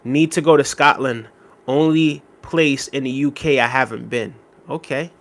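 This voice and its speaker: A man hosting a livestream, reading viewer comments aloud with shout-outs and quick apologies, relaxed and repetitive, with many fillers. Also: medium pitch. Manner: relaxed, repeats phrases, frequent fillers. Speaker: livestream host. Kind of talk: casual livestream chat.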